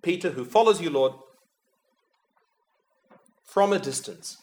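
A man leads a meditative homily, praying aloud as he reflects. His voice sits a little high for a man and stays measured and unhurried, sinking to a near-whisper each time he says the holy name. Now and then a dry touch of humor slips in. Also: lively intonation. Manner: addresses Jesus directly, softening to a hush on the name.

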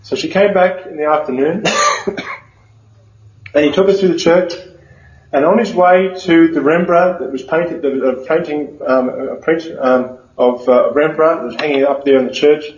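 A man, a Catholic priest, telling stories in a conversational sermon, often pausing on fillers and restarting. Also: on the high side, a little mellow, a little hiss or hum. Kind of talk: storytelling sermon. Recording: dull, echoey room.

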